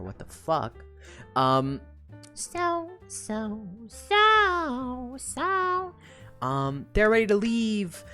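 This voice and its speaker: A woman streamer casually recapping a story, profane and emotional, often sighing and laughing between thoughts. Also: a bass voice. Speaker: streamer recapping a web serial.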